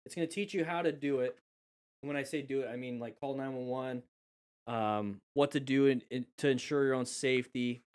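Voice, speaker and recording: A man's voice: mid-range voice, moderate pace, a little mellow, smooth, dry recording. A man hosting a casual live stream, chatty and joking as he explains first aid. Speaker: live-stream host reviewing crash videos.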